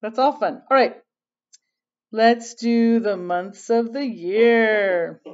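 A woman's voice: on the high side, slow, highs cut off. A woman teacher leading a children's circle time, singing and explaining in a cheerful, sing-song way. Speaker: preschool teacher.

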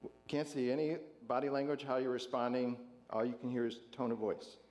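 Jovial man pastor, mid-pitched voice. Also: fairly even intonation, a little fast, a little mellow. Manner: jovial, chuckling, asks the congregation questions. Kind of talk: interactive sermon with volunteers.

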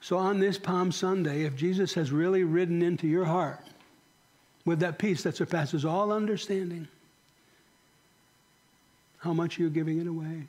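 In a church sanctuary, a male pastor preaches with earnest conviction, his slightly high voice mellow and fairly even. He speaks at a moderate pace with long pauses, repeatedly putting direct questions to the congregation.

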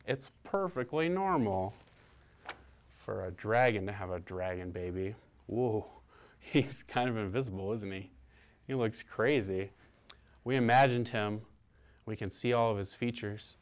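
A young man hosting a children's storytime at a library, talking gently and softly in a sing-song way. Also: lowish voice.

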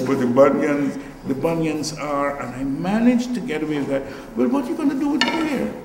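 A man's voice: on the high side, vocal fry, darkish tone, roomy sound, big-room sound, slight background noise, poor audio. An older man with a Guyanese accent, an artist giving a reflective, storytelling talk about his work in a gallery. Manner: reflective, storytelling, trailing asides.

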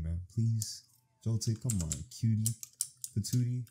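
A young man gives profane, excited let's-play commentary, talking to the game as he plays. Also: fairly low pitch, moderate pace, background noise. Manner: profane, animated reactions, talks to the game. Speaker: gaming streamer.

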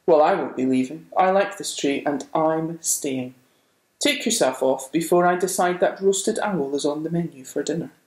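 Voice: normal speed, roomy sound, lightly acted. A storyteller voicing a huge, stubborn, fire-breathing male dragon who snarls and roars. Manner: booming, possessive, snarling.

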